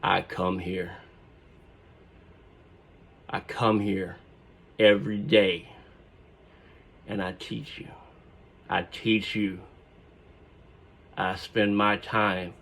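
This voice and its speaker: A man playing a slow, quietly furious professor. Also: sits low, creaky, voice pushed down, full character voice. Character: wounded, simmering male history professor.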